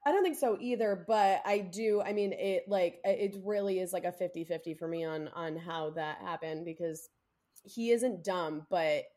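A woman's voice: on the low side, moderate pace, mellow. A young woman co-hosting a casual TV recap podcast, hedging and thinking aloud with lots of fillers. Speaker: podcast co-host. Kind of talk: casual chat.

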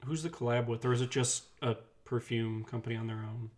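A man's voice: medium pitch, fairly even intonation, brisk, darkish tone. A man co-hosting a podcast, cracking jokes and swearing in casual chat. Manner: wisecracking, profane. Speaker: podcast co-host.

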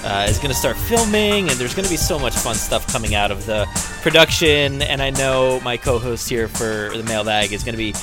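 A man's voice: mid-range voice, brisk, hardly any pauses, over music. A man hosting a podcast in a casual, upbeat way, rambling with lots of fillers. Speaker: podcast host.

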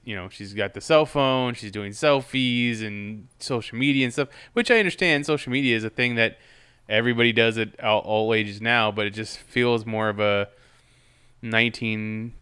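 Smooth-voiced musing man. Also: fairly low pitch, bright, forceful tone. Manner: musing, hesitant with restarts. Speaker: podcast co-host. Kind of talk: casual chat.

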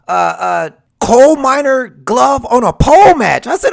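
An excitable wrestling fan counts down favorite moments in casual commentary. The voice has a gravelly, fry-laden edge. The speaker often breaks into laughter and acts out the scenes in quoted voices. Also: medium pitch, a little slow, few pauses. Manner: laughs while telling.

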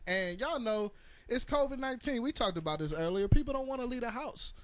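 Lively, bright-voiced man telling a story. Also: very high-pitched, a little fast, no room sound. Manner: animated, acts out the people in his stories. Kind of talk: casual chat, storytelling.

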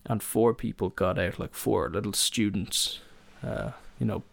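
Young guy rambling stories on his podcast, low voice, dry close sound. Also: measured pace, vocal fry, dry recording. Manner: rambling, with many fillers and restarts. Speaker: podcast host. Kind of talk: casual solo storytelling.

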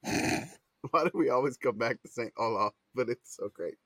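A man's voice: mid-range voice, moderate pace, fairly bright tone, slightly rough, dry recording. A man co-hosting a casual podcast, laughing often and trailing off in hesitant restarts. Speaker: podcast co-host. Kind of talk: casual chat.

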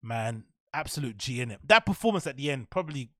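A man's voice: medium pitch, expressive, quick pace, no echo. A man hosting a podcast, ranting sarcastically through the news with plenty of slang. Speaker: podcast host. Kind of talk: casual commentary.

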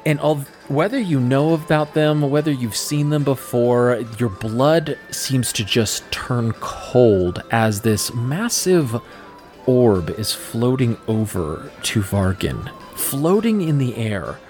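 A man's voice: mid-range voice, expressive, takes it slowly, a little mellow. Male game master and podcast host, mid-range voice, casual rambling narration, faint music underneath. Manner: casual, rambling, with many fillers and restarts.

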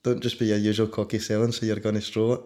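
A man's voice: on the low side, flat delivery, fast, warm tone, roomy sound. A man hosting a podcast interview, asking short, teasing questions. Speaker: podcast host. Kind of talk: casual interview.

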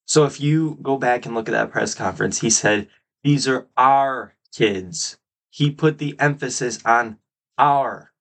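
Man, podcast host, solo commentary, emphatic delivery, mid pitch. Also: gravelly, a bit bright. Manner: emphatic, drawn-out stresses on key words.

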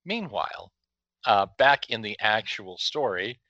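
A man's voice: lowish voice, sing-song, a little slow, sharp tone, no echo, dull audio. A man co-hosting a casual comic-book podcast, explaining story details and laughing easily. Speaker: podcast co-host.

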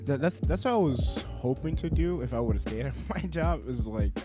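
A man's voice: mid-range voice, lively intonation, normal speed, music in the background. A man in his twenties co-hosting a casual podcast, rambling with lots of fillers and acting out what people said. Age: 20s. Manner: rambling, filler-heavy, acts out quoted voices. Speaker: podcast co-host. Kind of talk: casual chat.

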